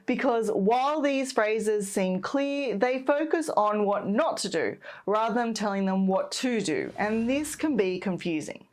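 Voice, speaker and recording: A woman giving parenting advice in calm, steady, scripted narration, like a patient teacher. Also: fairly high pitch, unhurried. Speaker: parenting educator.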